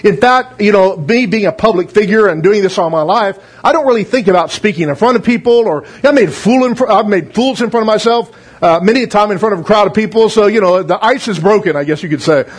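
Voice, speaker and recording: A middle-aged man preaching a relaxed, conversational sermon as a pastor, folksy and joking, often checking in with "right?". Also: high voice, fast, slightly rough.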